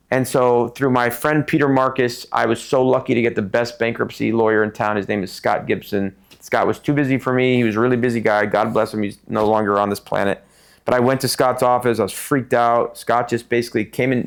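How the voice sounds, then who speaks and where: A middle-aged man from Tucson, a podcast guest telling stories in an animated way and acting out the people in them. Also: mid-range voice, fast, creaky. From Tucson, Arizona. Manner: animated, acts out voices in his stories. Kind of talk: casual storytelling interview.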